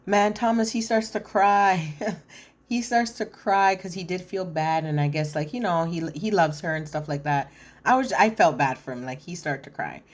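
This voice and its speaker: A woman's voice: on the low side, moderate pace. A young woman recapping a reality show episode in casual commentary, chatty and full of fillers, acting out what the cast says. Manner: chatty, filler-heavy retelling with acted-out quotes.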